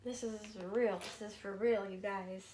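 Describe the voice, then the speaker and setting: In a noisy setting, a woman with a medium-pitched voice and fairly even intonation talks to her camera while opening presents. Her delivery is slow and drawn out, and she gets gushing and emotional, sometimes tearful.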